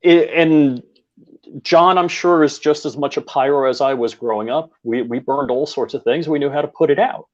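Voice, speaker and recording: A man's voice: fairly high pitch, normal speed, a little mellow, dull audio. A man chatting as a guest, telling anecdotes with many fillers. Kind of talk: casual chat.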